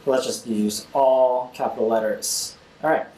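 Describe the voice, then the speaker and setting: A man's voice: mid-range voice, steady tone, moderate pace, warm tone, reverberant, low-quality recording. A young man hosting a casual screen-recorded music tutorial, talking as he clicks and scatting drum rhythms aloud.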